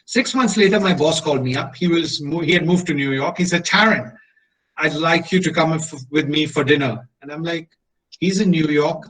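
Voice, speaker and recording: Middle-aged Indian-accented male speaker, high voice, lively storyteller who voices all the dialogue, slightly distant mic. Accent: Indian English. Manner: animated storyteller acting out dialogue. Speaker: motivational speaker. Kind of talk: motivational storytelling talk.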